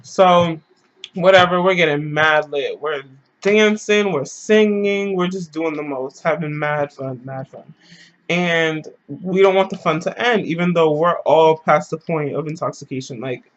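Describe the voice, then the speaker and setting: A man's voice: a little high, muffled recording. A man telling a story in a casual vlog, loose and slangy, rambling as he goes.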